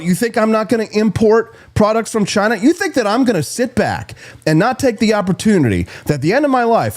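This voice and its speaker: A man hosting a political talk show, ranting loudly and mocking his opponents. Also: high voice. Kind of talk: heated political rant.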